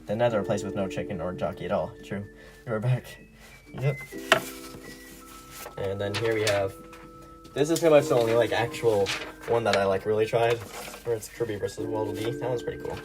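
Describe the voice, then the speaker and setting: A man's voice: on the low side, fairly quick, pauses often. A young man chatting casually on a livestream while he draws, rambling and laughing at himself. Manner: rambling, giggly, self-deprecating. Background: background music.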